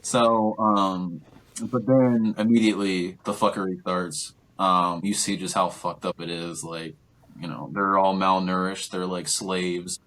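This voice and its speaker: Deep-voiced young man rambling through a recap. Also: steady tone, unhurried, fairly bright tone. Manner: rambling, filler-heavy retelling with lots of "like" and "um". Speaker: podcast co-host. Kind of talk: casual movie recap chat.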